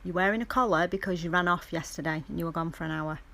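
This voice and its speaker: A woman's voice: on the low side, quick pace, vocal fry, fairly bright tone. A woman talking to her cat in a coaxing, teasing way for a casual video.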